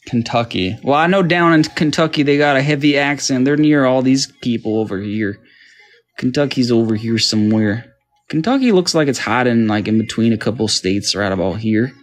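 A young Australian man playing a map quiz, thinking aloud and getting frustrated, his voice jumping high when he can't find a place. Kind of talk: casual gaming commentary.

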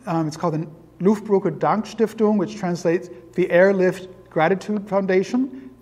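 A high-voiced man in his fifties from Iowa gives a lecture and wanders off into personal asides. He mocks his own younger mistakes with easy humor. His voice carries a long reverb from a large hall. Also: fairly even intonation, normal speed, darkish tone. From Iowa, USA. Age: 50s. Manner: self-deprecating, digressive storyteller. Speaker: guest lecturer. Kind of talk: public lecture with personal anecdotes.

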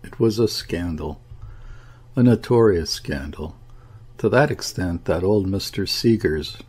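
A man's voice: deep voice, a little slow, a little mellow, slightly rough. A man reading the part of a confiding, gossiping middle-aged hotel keeper in an audiobook.

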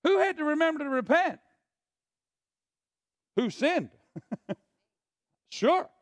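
Male pastor, high-pitched and lively, leads a call-and-response sermon, dry close sound. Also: slow, no room sound. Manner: preacher who prompts the congregation to repeat lines; drops to a hushed voice on asides, rises on scripture. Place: church sanctuary.

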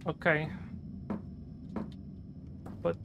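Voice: very slow, noisy background. A gaming channel host talking through a horror game playthrough, chattering nervously and breaking into panicked yelps.

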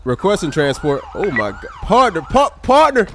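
A man's voice: high voice, sing-song, normal speed, a bit bright, soft background music. A man livestreaming a police game, joking around and thanking viewers in the chat. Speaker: gaming livestreamer. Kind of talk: live game commentary and chat shout-outs.

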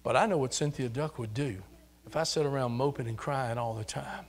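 An older man preaching a sermon in a church, building up to loud, repeated exhortations. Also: mid-range voice, a little fast. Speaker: pastor. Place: church sanctuary.

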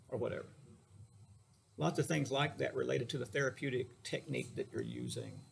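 A man's voice: medium pitch, fairly quick, vocal fry, slight background noise. A middle-aged man, a therapist, giving a casual lecture in a folksy, joking way, speaking straight to his listeners.

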